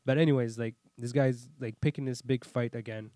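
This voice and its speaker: Man, 30s, podcast guest; animated, profane storyteller, dry recording. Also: mid-range voice, brisk, dry recording. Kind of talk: casual chat.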